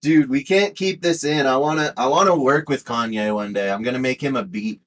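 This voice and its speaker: A man's voice: medium pitch, fairly quick, low-quality recording. Crude, swearing man co-hosting a podcast. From Ireland. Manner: crude, swears a lot, laughs often. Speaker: podcast co-host. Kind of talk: casual chat.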